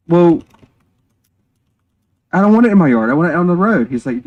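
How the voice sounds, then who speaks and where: A man's voice: fairly high pitch, lively intonation, a little fast, darkish tone, highs cut off. Man telling a rambling joke story. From North Carolina, USA. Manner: rambling, joking, swears, laughs at his own story. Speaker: game streamer and firefighter. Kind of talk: casual storytelling chat.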